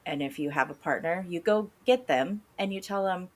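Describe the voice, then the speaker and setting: A woman's voice: on the low side, normal speed. A woman co-hosting a podcast, narrating a spooky story with dry humor. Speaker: podcast co-host. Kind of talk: casual storytelling chat.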